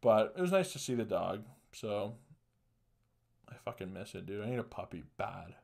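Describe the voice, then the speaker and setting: A man's voice: fairly low pitch, big pitch swings, normal speed, gravelly, darkish tone. A young man hosting a podcast, ranting alone with crude, profane jokes and laughing at his own punchlines. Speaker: podcast host. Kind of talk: solo comedic rant.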